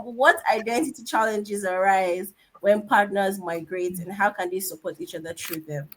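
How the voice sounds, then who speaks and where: A woman's voice: medium pitch, normal speed, hardly any pauses. Giggly woman moderator. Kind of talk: reading audience questions.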